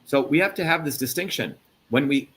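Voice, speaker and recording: A man from India hosting a live interview, talking emphatically and profanely with loud swings of pitch. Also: lively intonation, fairly quick. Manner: emphatic, profane, mocking put-on voices. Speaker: host.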